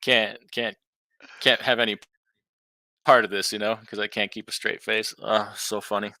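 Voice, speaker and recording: A man's voice: fairly low pitch, level tone, normal speed, sharp tone, no room sound. A man, a guest on a live talk show, telling a funny story with chuckles and repeated words.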